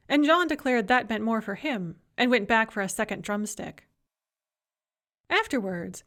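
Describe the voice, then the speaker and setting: A woman reads a first-person novel aloud, calm and measured with a wry edge. Her voice sits at an ordinary middle pitch. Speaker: audiobook narrator. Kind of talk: first-person audiobook narration.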